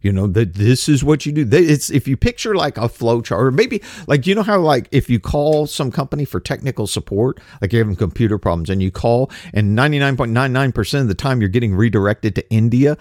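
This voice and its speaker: A man's voice: medium pitch, expressive, brisk, few pauses, a little mellow, no room sound, clean studio sound. Rambling, skeptical man. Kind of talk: casual monologue commentary.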